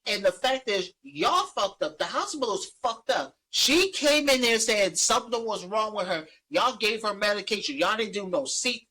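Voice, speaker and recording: A man's voice: sits high, lively intonation, moderate pace, hardly any pauses, pushed and bright, rough recording. A man with a Philadelphia accent co-hosting a podcast, ranting heatedly with lots of profanity and repetition. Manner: heated, profane, repeats himself while ranting. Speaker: podcast co-host. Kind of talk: casual chat.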